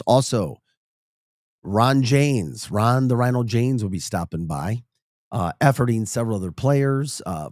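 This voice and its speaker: A man's voice: on the low side, darkish tone, no echo, studio quality. A man hosting a casual morning radio show with a St. Louis accent, chatty and laughing at his own stories. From St. Louis area, Midwest.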